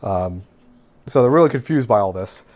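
A man's voice: lowish voice, animated, moderate pace, a little mellow. A man casually recapping an anime episode on a podcast, rambling with lots of fillers. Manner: rambling, filler-heavy summarizing.

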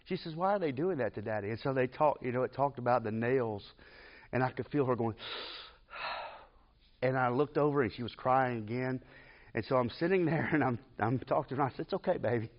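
A man's voice: mid-range voice, fairly quick. A man teaching a church Bible class, telling a personal family story in an earnest, emotional, conversational way. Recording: dull lo-fi class recording.

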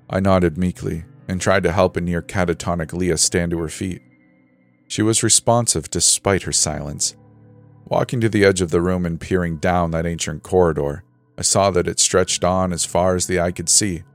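A man with a very low voice reads a first-person horror story in a steady, measured way that builds suspense. Soft music plays faintly beneath him.

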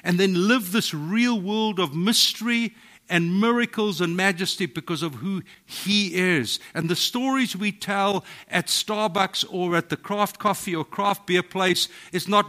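A middle-aged South African man, a pastor preaching a sermon, telling stories in a voice that drops to a hush and then rises to loud exclaiming. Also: high-pitched, unhurried. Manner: storytelling, swings from hushed to exclaiming.

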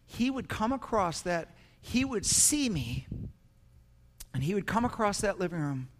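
Here an older man with a high, very animated voice delivers a sermon at a measured pace. He shares a personal story with earnest emotion, repeating himself often, and the hall around him echoes.

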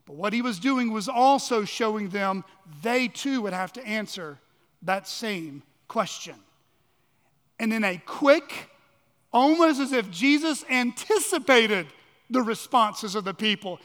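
A man with a strikingly high voice preaches a sermon, pressing hard on key words and then sinking into hushed, slow phrases. His voice rings with a long reverb, as in a church sanctuary. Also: lively intonation. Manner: dramatic preaching, swinging from loud emphasis to hushed lows. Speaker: pastor.

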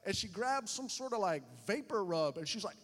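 A man preaching from a church sanctuary, his fairly high voice bouncing through a long echo. He tells stories with lively, self-mocking animation and keeps shifting into voices. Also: moderate pace. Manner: animated, self-mocking storyteller with many voice changes. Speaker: pastor. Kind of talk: sermon storytelling. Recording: echoey hall with long reverb.

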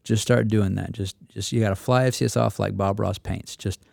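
A man's voice: on the low side, steady tone, a little fast, gravelly, a little mellow, dry recording, clean studio sound. A man who is an instructor pilot, telling stories in a casual roundtable chat and acting out the people he quotes. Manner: storytelling, acts out quotes.

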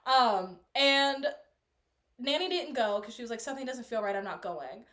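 A young woman co-hosting a casual podcast with a slightly high voice. She tells frank, personal stories, laughs readily, and goes soft and low when things turn serious. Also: lively intonation, normal speed. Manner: candid, laughing storyteller with sudden quiet drops. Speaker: podcast co-host. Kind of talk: casual chat.

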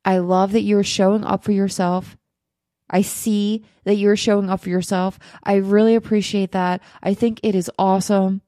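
A woman's voice: mid-range voice, level tone, moderate pace, warm tone, no room sound, clean studio sound. A woman giving upbeat, chatty self-help advice straight to her viewers, laughing often. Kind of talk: encouraging direct-to-camera talk.

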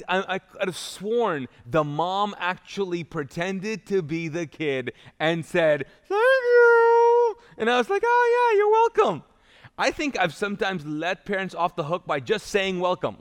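Man, pastor, live sermon, chatty storytelling, slightly high voice, long church reverb. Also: normal speed, fairly bright tone. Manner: conversational storytelling with restarts and asides. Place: church auditorium.

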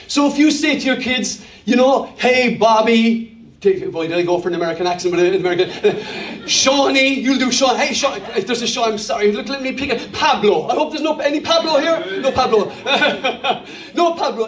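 A man preaching a sermon as pastor, animated, firing rhetorical questions and joking with the congregation. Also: very high voice. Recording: echoey room from far off.

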